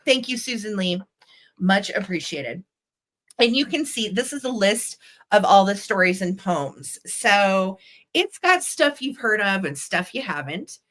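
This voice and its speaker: A woman's voice: mid-range voice, big pitch swings, measured pace, fairly bright tone. A woman in a mid-range voice hosting a live online vintage sale. She talks about each item in a chatty, enthusiastic way, with frequent filler ums. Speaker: host and vintage seller. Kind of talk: live online sales show.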